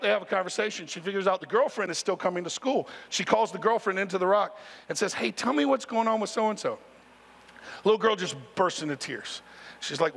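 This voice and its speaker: Male pastor, conversational sermon, high-pitched, church reverb. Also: gravelly. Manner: animated, conversational, talks straight to the congregation. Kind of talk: sermon storytelling. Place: church sanctuary.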